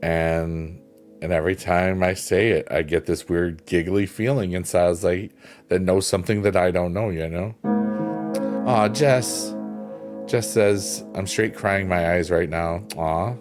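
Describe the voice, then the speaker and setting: A deep-voiced man talks slowly and softly on a live stream, musing and responding to comments from his viewers. He speaks in a halting, reflective way, full of little fillers. Chill piano music plays clearly behind him. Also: steady tone. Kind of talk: casual livestream chat reading viewer comments.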